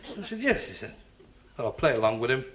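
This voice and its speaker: A man's voice: mid-range voice, sing-song, a bit bright. A man telling a stand-up joke on stage, acting out the voices and engine noises of his characters. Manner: brisk storytelling, acts out voices and engine noises. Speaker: stand-up comedian. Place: stage before a live audience.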